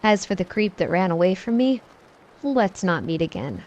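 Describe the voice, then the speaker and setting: Low-voiced woman narrating a scary story. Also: normal speed, lo-fi sound. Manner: steady, matter-of-fact first-person telling. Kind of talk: scripted horror story narration.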